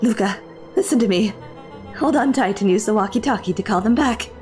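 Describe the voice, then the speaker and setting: A woman voicing a tough young bully in a game, speaking gruffly and bluntly. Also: medium pitch, a little fast, a little mellow, faint music behind, voice pushed down, lightly acted. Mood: urgent. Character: tough boy bully turned self-sacrificing.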